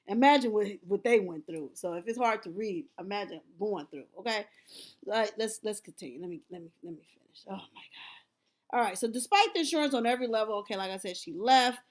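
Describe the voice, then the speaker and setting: A woman's voice: high-pitched, animated, a little fast. A woman host reading court documents aloud, breaking off often to laugh and exclaim. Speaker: commentary channel host.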